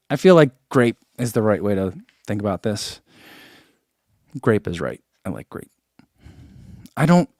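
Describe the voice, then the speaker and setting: A man's voice: mid-range voice, darkish tone, no room sound, studio quality. A man who reviews running shoes, chatting casually through an unboxing and thinking aloud with lots of fillers.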